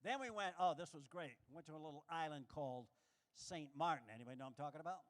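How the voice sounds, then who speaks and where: Stand-up comic, male, high-pitched voice, lively delivery with sudden jumps into character voices. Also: fast talker. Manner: animated, acts out quoted voices with big pitch jumps. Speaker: stand-up comedian. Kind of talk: stand-up comedy set.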